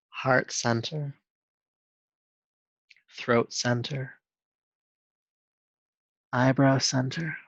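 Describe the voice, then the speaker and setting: A man teaching a yoga class, giving calm, steady cues with soft hums between poses. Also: medium pitch, no echo. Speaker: yoga instructor. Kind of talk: guided yoga class instruction. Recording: dull, dry sound.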